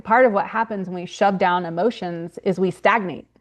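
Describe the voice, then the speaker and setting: A young woman who is a grief consultant and author talks earnestly in a casual podcast interview, using frequent fillers and restarts. Her voice is on the low side, and she speaks at a normal speed.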